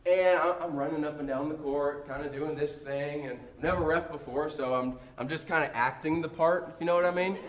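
A man giving a sermon built around a personal story, told in a humorous, animated way. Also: fairly high pitch, fairly quick, few pauses. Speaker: preacher. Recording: roomy echo.

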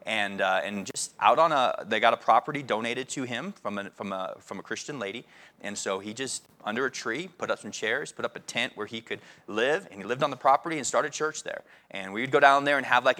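A man's voice: on the low side, sharp tone. A middle-aged man speaking casually to a church about his mission work, with lots of fillers and restarts. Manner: rambling, many fillers and restarts. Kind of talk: informal mission report.

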